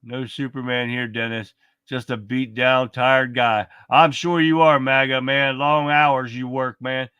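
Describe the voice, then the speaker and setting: A man's voice: medium pitch, level tone, unhurried, sharp tone, clean tone, dry recording, dull audio. A man hosting a casual political livestream, talking bluntly, swearing and greeting chat viewers by name. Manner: blunt, swearing, reads chat comments aloud. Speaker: livestream host.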